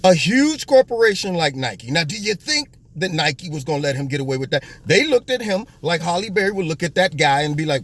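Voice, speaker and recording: A man with a high, lively voice hosts a political commentary monologue. His delivery is mocking and animated. He keeps breaking into little acted-out voices. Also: brisk. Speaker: host.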